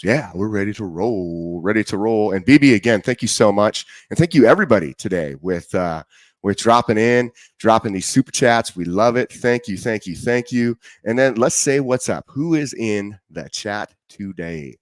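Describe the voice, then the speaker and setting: A man's voice: lowish voice, moderate pace, dry recording. A man hosting a casual live stream, greeting chat viewers one by one and chatting loosely. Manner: chatty, greets viewers by name, trails off while setting up. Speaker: live stream show host.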